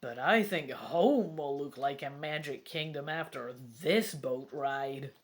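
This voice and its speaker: A woman's voice: deep voice, takes it slowly, pitched below the performer's own voice. A woman reading the lines of an earnest young adventurer in a gamebook. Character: young adventurer on a river quest.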